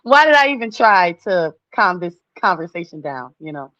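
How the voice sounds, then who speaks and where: A woman, chatting casually with a friend, animated and laughing. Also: fairly low pitch, normal speed, no echo, dull audio. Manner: animated, laughing, acts out relatives' voices. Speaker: host. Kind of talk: casual chat.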